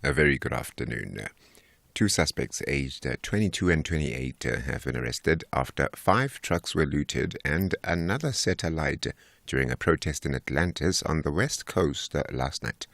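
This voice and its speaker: A man reads a radio news bulletin in a measured way, with frequent fillers. His voice is very low and gravelly. The sound is close and dry. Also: lively intonation, a bit bright, no echo. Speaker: newsreader. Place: radio studio.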